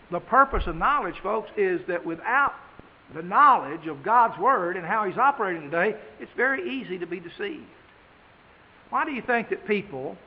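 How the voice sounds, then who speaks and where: A man preaching a sermon, reading scripture slowly with emphasis and then talking plainly to his congregation. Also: high-pitched, husky. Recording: dull, echoey hall.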